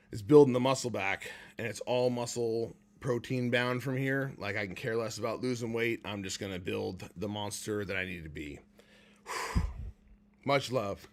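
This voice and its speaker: A man talking live about his recovery in a heartfelt, candid way, at times choked up and pausing to sigh. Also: mid-range voice. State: emotional, near tears. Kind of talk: emotional personal livestream talk.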